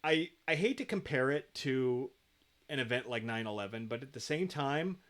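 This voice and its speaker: A middle-aged man co-hosting a podcast, chatting casually in a rambling way and swearing freely into a podcast mic. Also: mid-range voice. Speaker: podcast co-host.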